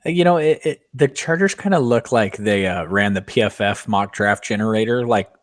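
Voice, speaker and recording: A man with a low voice weighs in on football picks, opinionated but careful to hedge his takes. His voice sits close and dry, with no room echo. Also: moderate pace. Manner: opinionated, hedging, frequent fillers. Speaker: podcast co-host. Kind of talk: casual sports chat.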